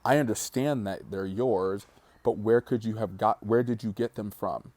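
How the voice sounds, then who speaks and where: A prying woman stranger gushes over someone's children and won't let her question drop, as a man puts her on. The voice sits low and mellow. The sound is dry and close, with no room around it. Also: moderate pace, no room sound, lightly acted.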